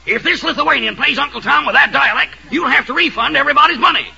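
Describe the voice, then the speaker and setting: A blustering small-town sheriff. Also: male voice, very high-pitched, quick pace, vocal fry, bright, forceful tone, exaggerated voice. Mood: gruff. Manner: blustering, folksy. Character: gruff small-town male sheriff, pushy. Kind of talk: 1930s radio comedy acting. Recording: dull lo-fi 1930s radio.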